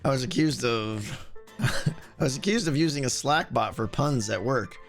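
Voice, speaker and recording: A man streaming a game, chatting casually with viewers and thinking aloud, with a hoarse voice and many restarts. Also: medium pitch, moderate pace, soft background music. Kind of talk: casual livestream chat answering viewers.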